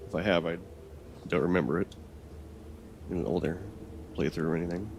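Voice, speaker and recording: A man's voice: sits low, fairly even intonation, brisk, background noise. A man giving loose, rambling let's-play commentary while he plays, thinking aloud and swearing now and then. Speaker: gaming channel host.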